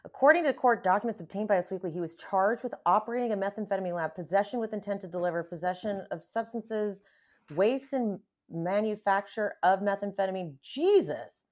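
A woman hosting a podcast in casual chat, expressive, with many agreeing murmurs. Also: medium pitch, fairly quick. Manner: expressive, lots of agreeing murmurs, reads news reports aloud.

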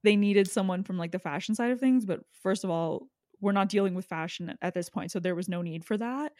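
A woman's voice: mid-range voice, a little fast, mellow, dry recording, studio quality. A woman co-hosting a podcast, chatting casually in a snarky, gossipy way and laughing often. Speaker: podcast co-host. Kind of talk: casual chat.

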